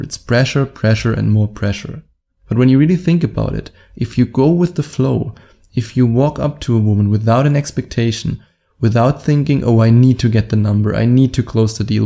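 A man giving dating advice straight to camera as a coach, in a slow, deliberate, instructive way. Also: medium pitch, creaky, warm tone. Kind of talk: direct-to-camera advice monologue.

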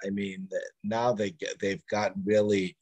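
A man talking in a halting, hesitant way with many fillers, in conversation on a video call. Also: on the low side, level tone, darkish tone, husky.

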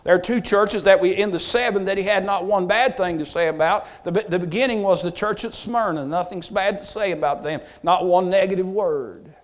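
High-voiced man preaching a Bible study. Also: fairly quick, few pauses. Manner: folksy, repeats and restarts, rises in force on key points. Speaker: pastor.

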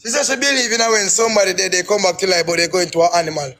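High-voiced Jamaican man teasing loudly. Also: very fast, slight background noise. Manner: loud, teasing, drops into patois. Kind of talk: casual banter.

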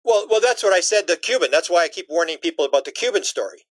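A man's voice: sits high, lively intonation, fast, dry recording, poor audio. A man being interviewed as a researcher, telling stories emphatically and acting out quotes in different voices. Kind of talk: animated storytelling in an interview.

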